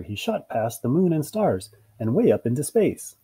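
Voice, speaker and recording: Male children's story reader, sing-song delivery, warm husky voice. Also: mid-range voice, very animated, moderate pace. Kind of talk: read-aloud children's story narration.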